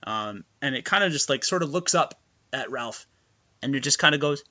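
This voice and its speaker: A man's voice: mid-range voice, expressive, normal speed, bright, forceful tone, muffled recording. A man narrating as game master for a tabletop game, loose and full of fillers.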